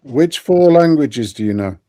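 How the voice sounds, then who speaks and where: A man's voice: medium pitch, expressive, measured pace, mellow. A man who joins a live stream and talks in an insistent, demanding way.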